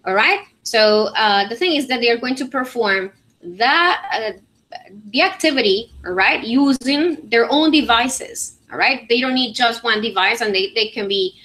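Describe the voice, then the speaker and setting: A woman's voice: on the high side, moderate pace, bright, forceful tone. A woman English teacher, presenting a demo at a conference and talking it through with frequent fillers and "all right?" checks. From Venezuela. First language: Spanish.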